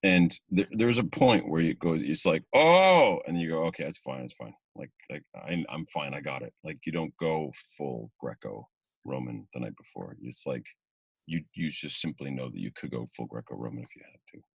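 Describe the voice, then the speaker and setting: A man hosting an acting webinar, telling an audition story in a casual, animated way and acting out the people he quotes. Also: rumbling low, moderate pace, vocal fry, breathy edge, dry recording. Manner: animated, acts out quoted voices. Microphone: webinar video call.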